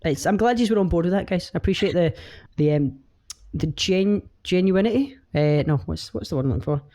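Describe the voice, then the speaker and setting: A man's voice: sits high, expressive, brisk, mellow. A man with a Scottish accent hosting a casual podcast, joking around, swearing and laughing often. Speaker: podcast host.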